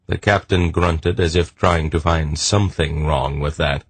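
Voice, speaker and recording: A man narrating a fantasy audiobook in a measured, deliberate reading. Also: very deep voice, steady tone, slightly rough, dry recording. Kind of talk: scripted narration.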